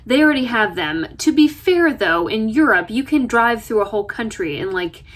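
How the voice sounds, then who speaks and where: A woman vlogger from the United States talking in a chatty, self-deprecating way, telling stories with lively asides. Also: fairly high pitch, moderate pace. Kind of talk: casual chat. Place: RV interior.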